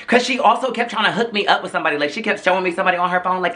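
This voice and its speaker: A man hosting a casual storytime vlog, sassy and dramatic. His voice is bright and forceful, sitting a little high, and he keeps it chatty with the viewers. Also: animated, very fast, hardly any pauses. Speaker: vlogger host.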